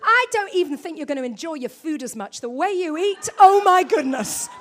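Teasing husband, quoted by a woman, dry, high-pitched. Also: lively intonation, moderate pace, a bit bright.

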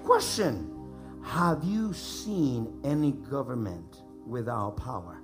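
A man from the United States preaching a sermon to a congregation, emphatic and repeating lines for them to echo back, building to shouts. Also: medium pitch, expressive, slow, music in the background. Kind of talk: sermon with call-and-response. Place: church service before a congregation.

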